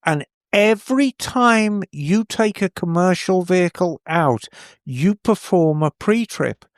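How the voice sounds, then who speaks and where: A man talks on a podcast in a chatty, emphatic way, handing out practical advice. His voice sits fairly high. The sound is dry and close. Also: lively intonation, slow pace, no echo. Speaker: podcast co-host. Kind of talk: casual chat.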